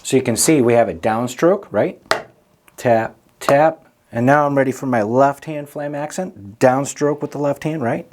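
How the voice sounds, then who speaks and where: A man's voice: mid-range voice, normal speed, few pauses, background noise. A man teaching a drum lesson in a patient, encouraging way, often checking in with the listener. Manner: casual, checks in with frequent "okay?" and "right?". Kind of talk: instructional explanation.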